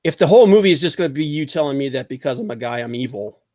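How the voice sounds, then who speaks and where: A man hosting a casual livestream talk show, animated and opinionated, reading chat comments aloud. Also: medium pitch, rapid-fire, dry recording, clean studio sound. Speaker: podcast host.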